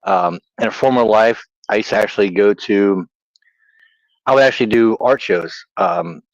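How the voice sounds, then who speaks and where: Co-hosting a relaxed livestream, a middle-aged Southern US man chats away, laughing easily and poking fun at himself. He speaks at a normal speed in a lowish voice, recorded dry with the top end rolled off.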